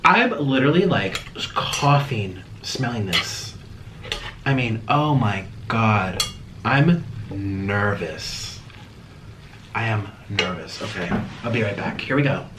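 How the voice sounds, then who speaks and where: Give me a lively, dramatic man hosting a mukbang vlog, moving from mumbled asides to excited yelps. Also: mid-range voice, background noise. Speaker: mukbang vlogger. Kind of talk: casual eating vlog chat.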